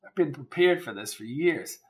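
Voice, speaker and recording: A man doing a solemn, quiet grieving aunt. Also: medium pitch, animated, normal speed, recorded from a distance, natural voice.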